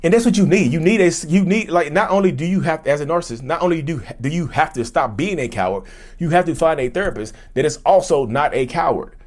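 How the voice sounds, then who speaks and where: A man's voice: a little high, expressive, quick pace, darkish tone. A man giving an unscripted personal monologue, earnest and emphatic, often repeating and restarting phrases. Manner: speaks frankly and bluntly. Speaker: YouTuber discussing his own narcissism.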